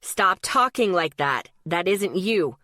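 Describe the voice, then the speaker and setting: A woman's voice: mid-range voice, normal speed, a bit bright, no room sound, studio quality, close to an everyday voice. A woman reading the lines of a possessive, menacing young man who growls over the phone.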